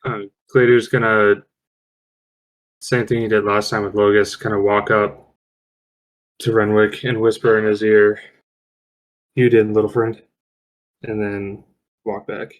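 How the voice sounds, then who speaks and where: A man's voice: on the low side, level tone, a little slow, long pauses, poor audio. A man playing a tabletop game, unsure and restarting his questions as he describes his character's actions. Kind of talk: casual game chat.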